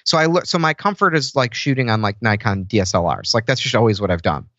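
A man's voice: lowish voice, lively intonation, quick pace, a bit bright, no echo, lo-fi sound. A man talking casually as a podcast guest, rambling with lots of fillers and restarts. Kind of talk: casual conversation.

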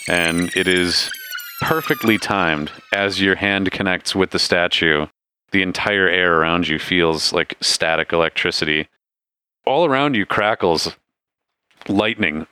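Game master, man, deep and resonant, easygoing storyteller. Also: a little slow, clear, resonant tone, dry recording. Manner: relaxed, laughs often, loose storytelling. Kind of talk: narrating a tabletop game.

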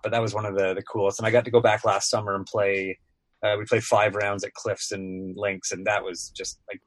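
A man's voice: lowish voice, dry recording. A sports broadcaster guest, a man in his thirties, telling casual stories on a podcast, rambling with lots of filler words.

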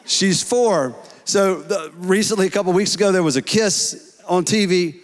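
A man preaching a sermon, earnest and rising to shouts in prayer. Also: high-pitched, moderate pace. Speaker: pastor. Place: church hall. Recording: long hall reverb.

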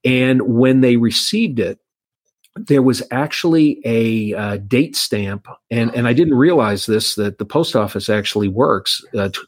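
A man's voice: mid-range voice, animated, measured pace, no echo. A man who works as an insurance agent, telling a long personal story in a casual, rambling way with frequent restarts. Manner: anecdotal, many restarts.

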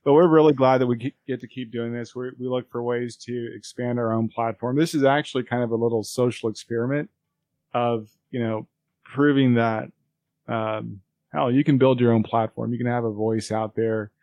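A man's voice: mid-range voice, steady tone, normal speed, darkish tone, no room sound. A man co-hosting a podcast in a loose, rambling way, with lots of fillers. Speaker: podcast co-host. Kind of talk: casual chat.

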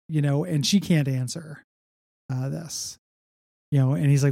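A man with a gravelly, mellow voice talks through a comic book issue on a podcast. He rambles wryly, dropping dry jokes between plot points. The sound is close and dry. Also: on the high side, steady tone, a little slow, dry recording. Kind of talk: casual chat.

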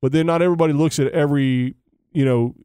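A man co-hosts a casual podcast in a joking, rambling, self-mocking way. His voice is mellow and soft-edged. The recording is dry and close. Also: on the high side, steady tone, quick pace, clear, resonant tone, no echo. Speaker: podcast co-host. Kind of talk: casual chat.

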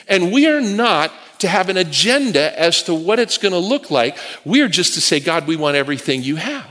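A man's voice: high-pitched, very animated, moderate pace, few pauses, bright, forceful tone. A man preaching a sermon to a congregation, telling stories with humorous asides. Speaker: guest preacher. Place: church sanctuary with congregation. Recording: long reverb of a large hall.

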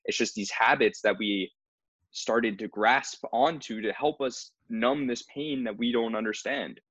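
A man's voice: mid-range voice, a little slow, fairly bright tone, husky, no room sound, muffled recording. A man in casual conversation who speaks earnestly about finding one's path. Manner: earnest, spiritual talk.

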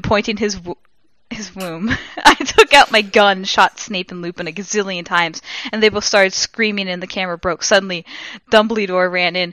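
A woman co-hosting a podcast, reading a text aloud in a deadpan comic way on a close mic. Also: mid-range voice, moderate pace, dry recording. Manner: deadpan reading broken by laughter. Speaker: podcast co-host. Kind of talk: comedic dramatic reading.

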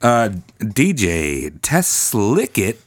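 A man's voice: lowish voice, huge pitch swings, very slow, no echo. A man co-hosting a comedy podcast, drunk and sleepy, joking crudely in a goofy sing-song way. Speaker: podcast co-host. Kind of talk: casual drunk banter.

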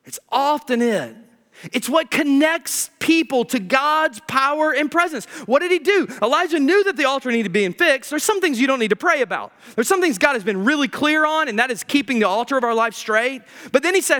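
A man preaching a sermon, firing rhetorical questions and dropping to a near hush when reading scripture. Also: very high-pitched, animated, a little fast. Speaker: pastor. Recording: long hall reverb.

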